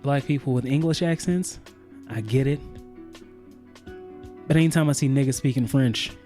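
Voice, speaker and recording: A man co-hosting a podcast, riffing casually in a profane, animated way. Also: mid-range voice, moderate pace, faint music behind. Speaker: podcast co-host. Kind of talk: casual chat.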